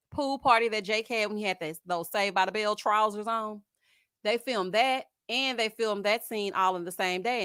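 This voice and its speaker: A woman hosts a casual live chat and answers viewer comments with lively gossip. She laughs often and uses plenty of slang. Her voice sits in a middle pitch, and it is recorded dry and close to the mic. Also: dry recording. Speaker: host of a live chat stream.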